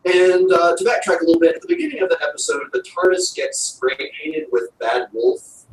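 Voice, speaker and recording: Animated man recapping, roomy distant sound. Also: on the high side, fairly quick. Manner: rambling, animated, full of fillers. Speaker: show reviewer. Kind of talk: casual episode recap. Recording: roomy, distant mic with faint noise.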